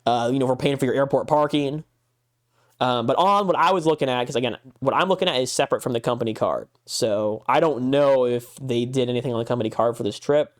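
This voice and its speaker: Podcast bro ranting, swears a lot, exasperated, voice shoots up when he's fired up. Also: fast talker. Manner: exasperated ranting, heavy swearing, pitch jumps when worked up. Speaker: podcast co-host. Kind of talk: casual podcast chat.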